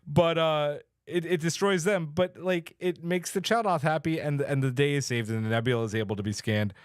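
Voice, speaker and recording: A man co-hosting a podcast, casually retelling an episode with an animated, laughing delivery. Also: on the high side, a little fast, clean tone, no room sound, studio quality. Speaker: podcast co-host. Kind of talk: casual chat recapping an episode.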